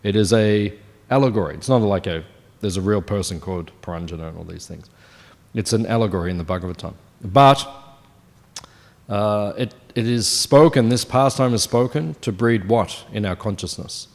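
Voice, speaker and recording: A man's voice: lowish voice, moderate pace, a little mellow. Man in his fifties giving a scripture class. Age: 50s. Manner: conversational, asks the audience questions. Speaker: temple class speaker. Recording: long hall reverb.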